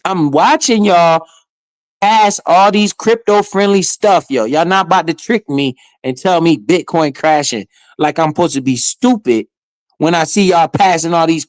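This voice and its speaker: A man's voice: a little high, no room sound. A man streaming live, giving casual, slangy commentary with swearing and often speaking straight to his chat.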